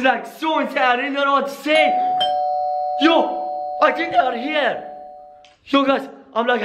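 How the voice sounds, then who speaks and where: A young man hosting a prank-call skit vlog, excitable and constantly saying "yo" and "guys". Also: very high voice. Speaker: YouTuber.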